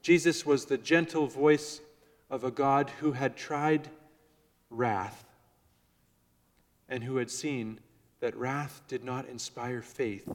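Male pastor, mid pitch, sermon delivery; measured, soft-to-loud swings; church hall with long reverb. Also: steady tone. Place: church before a congregation.

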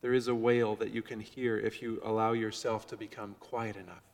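A man preaching a sermon to his congregation, measured and shifting between soft, gentle phrases and loud emphasis. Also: lowish voice, flat delivery, in a large hall. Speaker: pastor. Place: church before a congregation.

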